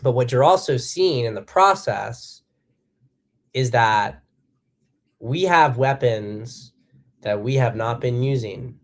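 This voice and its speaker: A man's voice: medium pitch, takes it slowly, long pauses. A man giving solo political commentary as host, blunt and profane, with emphatic bursts. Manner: acts out quotes in a harsh voice.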